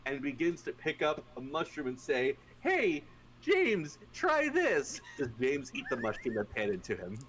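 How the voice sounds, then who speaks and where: A man running a tabletop game as game master, narrating casually and with lots of swearing, jumping into loud voices for the players' characters. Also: mid-range voice, fairly quick, hardly any pauses, a little hiss or hum. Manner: profane, laughing, acts out players' lines in bursts.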